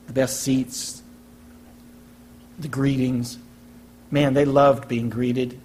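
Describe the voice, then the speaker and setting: A male pastor delivers a sermon in a mid-pitched voice, hammering points home by repeating phrases and posing rhetorical questions to his congregation. A faint hum sits under the recording. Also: little pitch movement, measured pace, long pauses, darkish tone. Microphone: church recording for online message.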